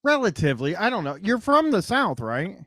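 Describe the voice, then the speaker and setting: A man's voice: high voice, big pitch swings, brisk, pushed and bright, no room sound, clean studio sound. A man with a Midwestern American accent hosting a call-in radio show, chatting casually and rambling, swearing and laughing as he talks. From Columbus, Ohio, US Midwest.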